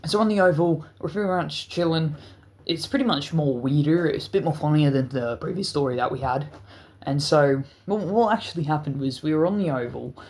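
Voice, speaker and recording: A man's voice: fairly high pitch, gravelly, a little mellow. A man telling a wild story in a rambling, profane, casual way, full of restarts.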